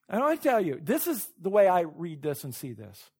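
Animated storytelling male pastor preaching. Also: high-pitched, a little slow. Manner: storytelling, animated with sudden loud peaks and quiet asides; laughs at his own points. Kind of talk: sermon.

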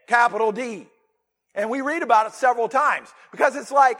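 A man with a fairly high voice preaches a sermon, leaning hard on single words and often restarting his lines. His voice rings with the long reverb of a church hall. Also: lively intonation, moderate pace, pushed and bright. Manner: emphatic, with repeated restarts and stressed single words. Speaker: pastor.

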